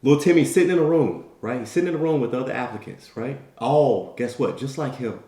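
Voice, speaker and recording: A man's voice: mid-range voice, brisk, warm tone. Emphatic motivational man in an echoey room. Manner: emphatic, tag questions, storytelling. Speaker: motivational speaker. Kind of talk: motivational talk.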